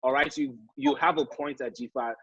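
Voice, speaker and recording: Nigerian male host, playful and teasing, husky, dry close sound. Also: medium pitch, fairly even intonation, moderate pace, fairly bright tone, no room sound, dull audio. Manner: playful, teasing, hesitant with fillers. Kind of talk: casual panel discussion. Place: online live show.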